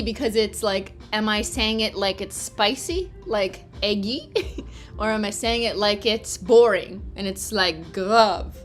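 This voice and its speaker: A woman hosts a relaxed livestream, chatting at an unhurried pace. She swears freely and breaks into laughter often. Faint music plays under her voice. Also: mid-range voice. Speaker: livestream host. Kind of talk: casual livestream chat.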